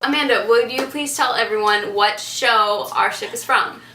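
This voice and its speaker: Brief: giggly young woman host, bright tense voice, recorded with a camera across an echoey room. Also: on the high side, normal speed, far from the mic, slight background noise. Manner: giggly, chatty. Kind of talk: casual chat.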